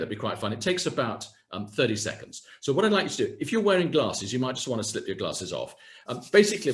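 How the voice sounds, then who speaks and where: A man giving a webinar talk as a communication coach, speaking gently and warmly, often restarting his sentences. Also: mid-range voice. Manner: gentle and lively, with frequent restarts. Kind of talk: webinar talk on video calls. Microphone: video call.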